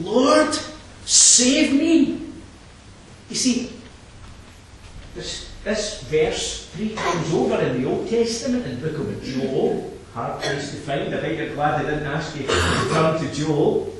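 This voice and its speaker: A man with a fairly high voice preaching a sermon, dropping low and quiet before rising to loud, impassioned repeated phrases. He sounds far from the microphone in a very echoey hall, with faint noise behind him.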